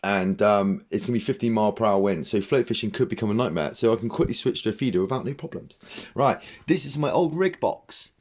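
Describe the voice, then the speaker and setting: A man's voice: lowish voice, fast talker, darkish tone. A man chatting casually to camera about his fishing gear in his fishing room at home, rambling and blunt. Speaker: fishing vlogger.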